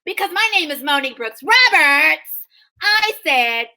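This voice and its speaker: High, bright-voiced woman telling a sassy story. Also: measured pace. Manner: animated, sassy storytelling with acted-out quotes. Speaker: podcast co-host. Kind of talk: casual chat, storytelling.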